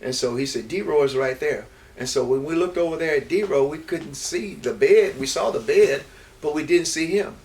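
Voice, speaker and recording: An older man, a former baseball player, telling stories from his life in an interview. He talks in a rambling way, repeating words and restarting, and grows lively as he recalls events. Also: fairly high pitch, normal speed. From Houston, Texas. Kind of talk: reminiscing storytelling in an interview. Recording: distant mic with faint background noise.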